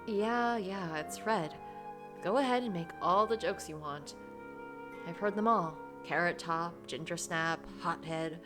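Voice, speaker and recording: A woman reading the first-person lines of a frank, witty young heroine in a visual novel, in an even storytelling manner. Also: fairly low pitch, unhurried, over music, voice pushed down, natural voice.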